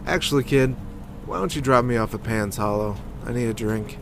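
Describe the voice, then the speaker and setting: A man narrates in a first-person noir style as a weary, gruff detective, his voice mid-pitched and grumbling. He curses casually. Music plays clearly under him. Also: fairly quick. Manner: world-weary, gruff, cursing.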